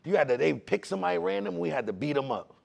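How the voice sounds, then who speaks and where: A man from the Bronx, telling his personal testimony in a casual, animated way with street slang. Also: fairly high pitch, fast talker, creaky. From the Bronx, New York. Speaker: speaker giving a personal testimony.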